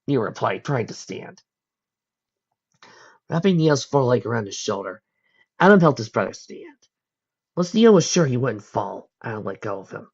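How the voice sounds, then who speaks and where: A man reads fan fiction aloud with a husky voice and a lively rise and fall in his pitch. His reading is plain, with some slips, on a dull, lo-fi recording. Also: moderate pace, long pauses. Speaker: audiobook reader.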